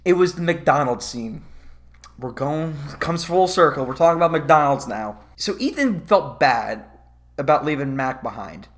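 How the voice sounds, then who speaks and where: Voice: mid-range voice, measured pace. A vlogger ranting about a movie in a casual comedic review, swearing often and laughing. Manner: profane, animated, laughing.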